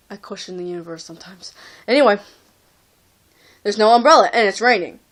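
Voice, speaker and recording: A woman's voice: mid-range voice, normal speed. A young woman from Texas telling a rambling, exasperated story to camera, recorded on a phone. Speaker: vlogger.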